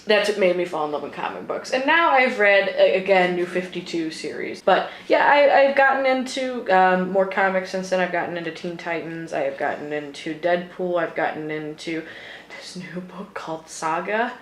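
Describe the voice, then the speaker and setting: A woman in her thirties co-hosts a casual podcast, chatty and laughing and swearing a lot. Her voice is on the low side at a moderate pace, recorded in an echoey room with faint noise.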